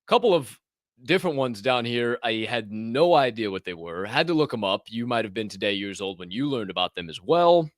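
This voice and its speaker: A man's voice: mid-range voice, very animated, a little fast, no echo, studio quality. A man hosting a podcast, joking and swearing casually, laughing at his own bits. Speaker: podcast host. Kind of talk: casual chat.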